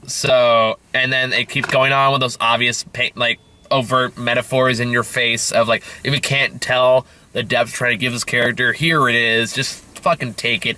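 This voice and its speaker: A man rants his way through a film review with a bright, forceful voice. His delivery is sarcastic and full of swearing, looping back on itself with fillers. He sounds worn out. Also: medium pitch, clean tone. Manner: sarcastic, profane, rambling with fillers. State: tired. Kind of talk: casual film review rant.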